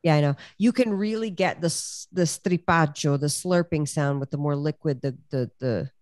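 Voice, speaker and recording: A woman's voice: low-pitched, normal speed, darkish tone, dry recording, studio quality. A woman co-hosting a podcast in casual chat, teasing and laughing as she talks. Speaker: podcast co-host.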